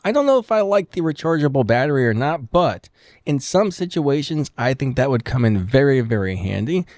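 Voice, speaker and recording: A man talks through a gear review in an easy, chatty way. His voice is mellow and dark, recorded close and dry on a studio broadcast mic. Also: medium pitch, a little fast, no echo. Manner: relaxed, chatty explaining. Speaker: product reviewer. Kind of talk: casual product review demo. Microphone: studio broadcast microphone.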